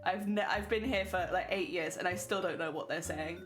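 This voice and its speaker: A woman's voice: on the low side, steady tone, a little fast, over music. A young woman streaming, chatting casually and laughing often while she reads chat.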